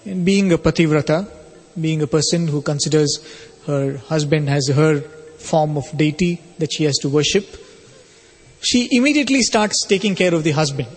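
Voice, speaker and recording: A man telling a spiritual story as a sermon, in a measured, explanatory way. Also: on the high side, husky. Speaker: spiritual speaker. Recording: long hall reverb.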